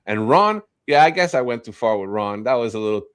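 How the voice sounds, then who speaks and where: A man's voice: mid-range voice, lively intonation, a little fast, a loud crowd. A man ranting and trash-talking in a crude, profane casual stream chat. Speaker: stream guest. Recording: dry close mic.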